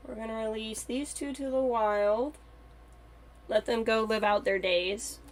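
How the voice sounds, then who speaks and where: Gal on a live game stream, kinda high voice, just chatting and thinking out loud as she plays. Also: steady tone, unhurried. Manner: chatty, thinking aloud while playing.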